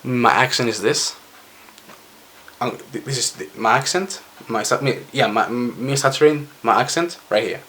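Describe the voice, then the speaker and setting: A man's voice: medium pitch, moderate pace, fairly bright tone. A young man from Spain with a Spanish accent, stuttering and restarting as he talks casually to camera in his vlog. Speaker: vlogger.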